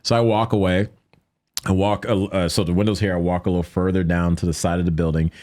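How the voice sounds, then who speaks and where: A deep-voiced man from the United States, speaking as a guest on a podcast. He tells his story in an animated way and keeps slipping into the voices of the people he is quoting. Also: fast, no room sound, studio quality. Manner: animated retelling that acts out quoted voices.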